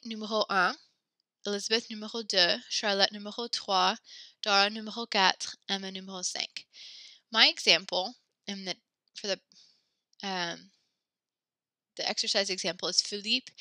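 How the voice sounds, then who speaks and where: A pregnant woman teaches a French lesson with a very bright, crisp voice. She is a little breathless, but she stays encouraging and patient. The recording is close and dry. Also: medium pitch, dry recording. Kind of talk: online class instruction.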